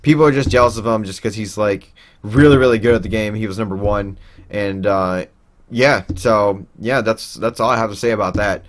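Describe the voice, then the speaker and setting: A man's voice: on the low side, steady tone, normal speed. A young man telling a personal story in a casual, rambling way, with lots of fillers and restarts. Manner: acts out quoted people in raised voices.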